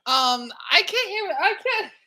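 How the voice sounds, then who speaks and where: A man streaming live, reacting to videos with loud exclamations and laughter. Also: very high voice, very animated, normal speed.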